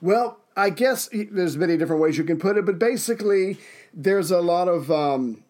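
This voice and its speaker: A man co-hosts a laid-back history podcast. His voice sits fairly high, and he talks in quick banter. He fires short asides back at his partner. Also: expressive, darkish tone. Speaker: podcast co-host. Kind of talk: casual history podcast chat.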